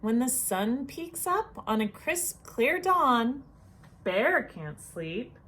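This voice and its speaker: A woman reading a children's picture book aloud, playful and expressive with the rhythm of the rhymes. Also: on the high side, slow pace, a little hiss or hum. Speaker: storyteller.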